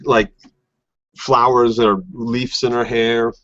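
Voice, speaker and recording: A man's voice: medium pitch, level tone, slow pace, fairly bright tone, dull audio. A man co-hosting a casual recap podcast, chatty and jokey, chiming in with comments. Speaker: podcast co-host.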